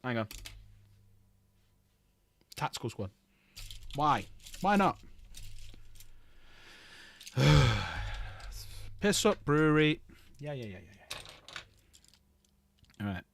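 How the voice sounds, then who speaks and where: A man's voice: medium pitch, animated, slow, pauses often, a bit bright, a little hiss or hum. A middle-aged man rambling casually while he paints models on a livestream, swearing freely.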